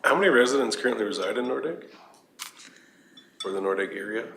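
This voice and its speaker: Skeptical councillor in a roomy chamber. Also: male voice, mid-range voice, animated, fast talker, sharp tone, a little hiss or hum. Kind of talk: questioning staff at council meeting.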